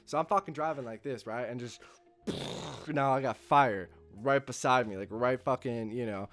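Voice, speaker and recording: A swearing, animated man telling a story. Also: medium pitch, normal speed, faint music behind. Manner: swears constantly, animated, acts out his own lines. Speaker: channel host. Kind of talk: casual storytime anecdote.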